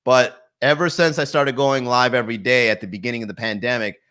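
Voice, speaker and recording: Bright-voiced man riffing on a live stream. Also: medium pitch, steady tone. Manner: laughs at his own jokes, riffs fast and loose. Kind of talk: casual live-stream comedy chat. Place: home garage.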